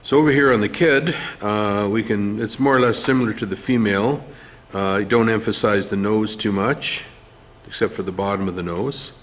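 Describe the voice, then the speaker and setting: A man's voice: lowish voice, normal speed, slight background noise. A man teaching art, talking through a face drawing one step at a time while he draws, with some fillers. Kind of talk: drawing tutorial demonstration.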